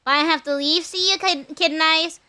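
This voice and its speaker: Bright, high-voiced woman streamer. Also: fairly even intonation. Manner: playful, crude, quick to laugh, talks to chat. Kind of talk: casual live-stream commentary while gaming.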